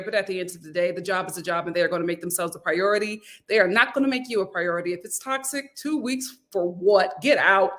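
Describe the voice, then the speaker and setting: Bright-voiced chatty woman streamer. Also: medium pitch. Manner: chatty storyteller, reads viewer comments aloud. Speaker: YouTube host. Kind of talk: casual live-stream chat.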